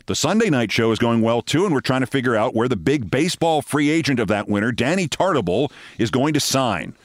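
Older male host, dry close sound, wry anecdote delivery, mid pitch. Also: expressive, no echo. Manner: wry, brisk anecdotal narration. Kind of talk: storytelling monologue.

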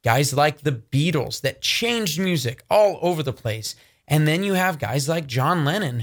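A young adult man from Southern California presenting for a ministry, talking straight to viewers with earnest, emphatic warnings. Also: a little high. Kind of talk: preaching monologue to viewers.

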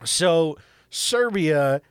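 A man hosting a podcast, telling history in a casual, profane, animated way. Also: fairly high pitch, drawn-out words, smooth, no room sound, studio quality. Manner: profane, animated, acts out quoted voices. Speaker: podcast host.

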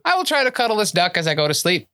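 A player in a tabletop game session talks in character with a bright, forceful tone and a pitch that swings widely. They rationalize earnestly and matter-of-factly, stumbling into fillers and restarts as they go. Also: big pitch swings, racing.

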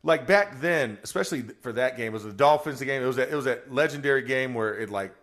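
A middle-aged man, a former football player, telling a story on a podcast in a lively way, acting out quotes and laughing. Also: medium pitch, quick pace. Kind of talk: animated storytelling.

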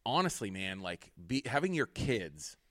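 A man's voice: fairly low pitch, sing-song, measured pace, sharp tone, dry recording, studio quality. A middle-aged man, a comedian hosting a podcast, rambles casually and fills his talk with "like" and restarts. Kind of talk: casual chat.

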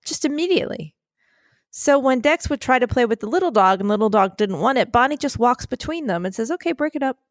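A woman co-hosting a podcast in casual chat, animated and slightly breathy, recording from a makeshift spot in a puppy pen. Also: on the high side, a little fast, no room sound, studio quality. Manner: animated, keeps addressing her co-host by name, acts out quotes. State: a little breathy. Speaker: podcast co-host.

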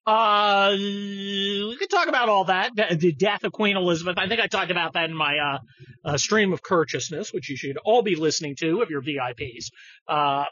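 Profane, lively-voiced male podcast host. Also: fairly high pitch, slightly rough, no echo, highs cut off. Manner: profane, mocking, jumps between topics. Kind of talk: casual ranting chat.

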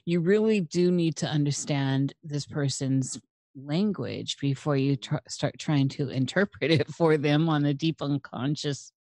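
A woman's voice: low voice, measured pace, mellow, dry recording. A woman hosting a casual conversation, thoughtful and earnest, swearing casually.

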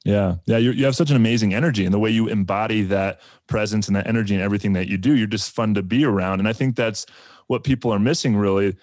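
A man's voice: lowish voice, fast talker, darkish tone, dry recording, studio quality. A man hosting an interview, speaking with enthusiastic, motivational affirmation. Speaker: podcast host. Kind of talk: interview conversation.

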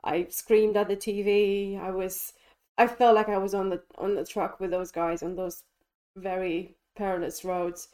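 A woman co-hosting a casual podcast, reviewing a film with animated enthusiasm and frequent restarts. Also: medium pitch, a little slow. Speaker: podcast co-host reviewing films. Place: London.

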